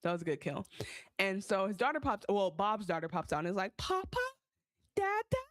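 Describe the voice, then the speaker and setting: A woman's voice: mid-range voice, a little fast, no room sound, clean studio sound. A woman co-hosting a podcast, retelling a show in casual chat and acting out lines as she goes. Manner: animated retelling with acted-out quotes and laughs. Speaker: podcast co-host.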